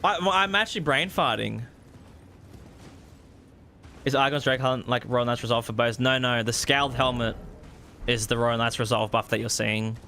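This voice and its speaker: A man gives excitable live commentary as he plays a video game, swearing freely and breaking into laughs. His voice is bright and sharp, and a faint hum of noise sits under his talk. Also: medium pitch, moderate pace, long pauses. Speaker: gaming streamer.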